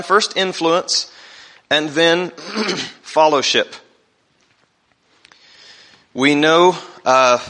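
A man preaches to his congregation in a bright, fairly high voice. He talks in a conversational way, leans on the scripture verses by slowing down, and puts questions to the listeners in the pews. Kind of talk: sermon.

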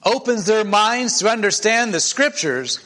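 A man's voice: sits high, animated, unhurried, pushed and bright. A man preaching in a church meeting, retelling a scripture story in an emotional, conversational way with many restarts.

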